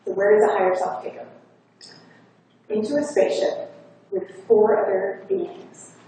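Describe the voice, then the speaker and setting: At a conference, a woman hypnotherapist chats her way through the story of a client's session in a mid-range, mellow voice, very animated but measured in pace. Her faulty wireless lapel mic sounds distant, picking up echo from the hall and a faint hiss.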